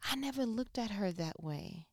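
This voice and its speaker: A woman giving a casual devotional talk on faith, slangy and animated, acting out the voices she quotes. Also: medium pitch, moderate pace, no echo, clean studio sound. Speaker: faith speaker.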